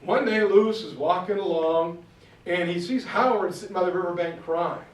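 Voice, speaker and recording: A man telling history as an animated story, slipping into quick character voices and casual slang. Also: sits high, echoey room, far from the mic, low-quality recording. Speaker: speaker giving a history talk.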